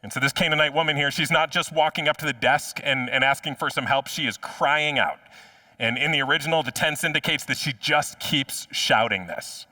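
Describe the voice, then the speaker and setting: A man's voice: on the high side, brisk, pushed and bright, no echo, distant mic. A man preaching a sermon as pastor in a conversational way, often repeating words as he restarts a phrase. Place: church.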